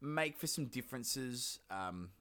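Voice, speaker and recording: A man's voice: medium pitch, lively intonation, slow, pushed and bright, smooth. A man hosting a history podcast, talking casually with lots of fillers and rambling asides. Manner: rambling, many fillers, jokey put-on voices. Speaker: podcast host.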